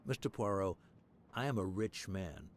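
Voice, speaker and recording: A man's voice: low voice, animated, normal speed. A blunt rich businessman. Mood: insistent. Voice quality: blunt, pressing. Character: pushy rich American businessman, middle-aged.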